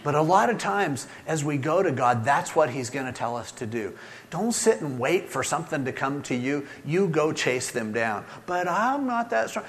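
A man's voice: medium pitch, expressive, moderate pace. A man preaching a sermon as pastor, earnest and conversational, often acting out prayers and quotes. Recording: long reverb of a large hall.

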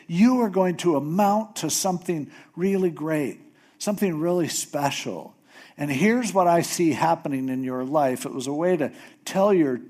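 Animated storytelling preacher, a man. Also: on the high side. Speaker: pastor. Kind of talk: sermon.

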